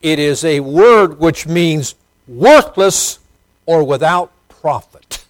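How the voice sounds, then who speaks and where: A middle-aged man preaching a sermon as pastor, swinging between loud emphasis and quiet asides. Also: a little high, animated, slow pace, dry recording.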